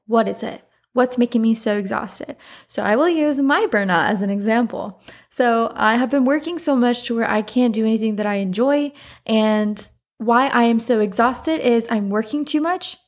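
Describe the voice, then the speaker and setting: A woman from Florida with a Southern accent, hosting a solo podcast in a chatty, rambling way full of "like" and side notes. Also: fairly high pitch. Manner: chatty, rambling, many "like" fillers and asides. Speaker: podcast host. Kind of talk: casual solo podcast chat.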